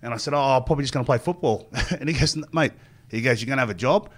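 This middle-aged former rugby player from Queensland talks rapid-fire in a mid-range voice with an Australian accent. Appearing as a guest in a storytelling interview, he wanders through long anecdotes and performs other people's lines.

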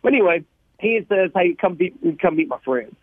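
A man from Louisiana, telling his life story as a radio guest, animated and laughing, often repeating words. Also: high voice, a little fast, no room sound. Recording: tinny phone line, dry.

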